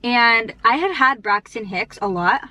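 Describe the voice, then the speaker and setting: A young woman chatting on her vlog in a loose, rambling way, with plenty of fillers and restarts. She rushes along quickly because she is short on time. Her voice sits a little higher than most women's. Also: animated, bright, forceful tone, no room sound. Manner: talks fast in a rush. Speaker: vlogger. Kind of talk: casual chat.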